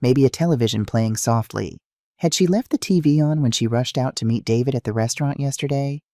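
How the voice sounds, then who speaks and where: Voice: mid-range voice, a little fast, mellow, dry recording, studio quality. A narrator reading a dramatic family story aloud in a scripted style.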